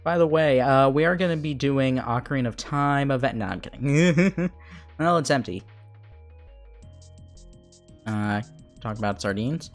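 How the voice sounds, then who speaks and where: A man's voice: medium pitch, a little slow, pauses often, faint music behind. A man streaming a game live, chatting casually and reading the on-screen text aloud with frequent laughs.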